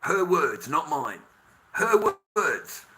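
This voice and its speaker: A man's voice: on the high side, big pitch swings, takes it slowly, background noise. An Australian man in his fifties on a livestream, lecturing the men in his audience in a heated, profane rant. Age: 50s. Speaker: livestreamer addressing viewers. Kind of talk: ranting livestream monologue.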